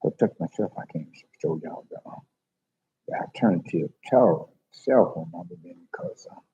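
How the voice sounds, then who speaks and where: A man speaks in a rambling, confessional way on a livestream from a public library. His voice is very low, gravelly and raspy. The sound is dull and lo-fi. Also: expressive, moderate pace, warm tone. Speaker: vlogger.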